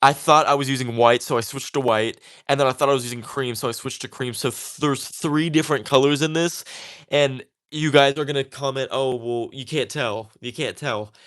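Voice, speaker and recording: A young man talks casually as he works on a craft, in a chatty and easygoing way. He sounds a little defiant, brushing off critics, and his speech is loose and full of fillers and restarts. His voice sits at an ordinary middle pitch. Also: steady tone, fairly quick, fairly bright tone. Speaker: tatting creator. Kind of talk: casual talk while crafting.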